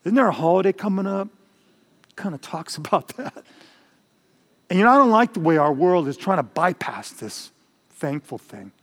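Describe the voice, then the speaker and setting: A man's voice: high voice, very animated, moderate pace, pauses often. An older man preaching a sermon as pastor, in a conversational style with Spanish asides. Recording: long hall reverb.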